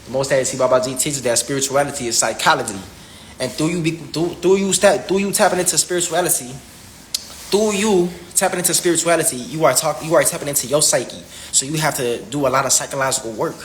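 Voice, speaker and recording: A young man rants about spirituality in a rapid, preachy stream. He repeats himself and peppers the talk with slang and "you feel me?", at a middle pitch. Faint ambience sits behind him. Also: slight background noise, rough recording. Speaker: vlogger. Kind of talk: spiritual rant.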